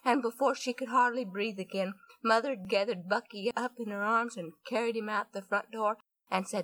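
A woman's voice: fairly high pitch, steady tone, moderate pace, a bit bright. A woman telling a folksy story in a chatty way, with many asides to her listeners.

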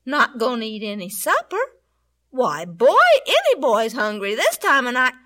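A woman voicing a tall, kind male policeman who speaks with slow, gentle, reassuring firmness. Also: fairly high pitch, wildly swooping pitch, full character voice. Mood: kindly.

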